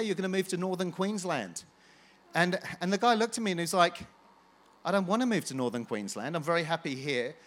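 A man's voice: on the high side, fairly bright tone. A man preaching a sermon, telling a personal story with energy and rallying the congregation in between.

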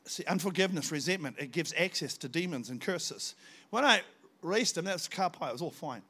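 Animated New preacher man. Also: on the high side, brisk, husky. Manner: animated and dramatic, laughing through stories. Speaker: pastor. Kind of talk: storytelling sermon.

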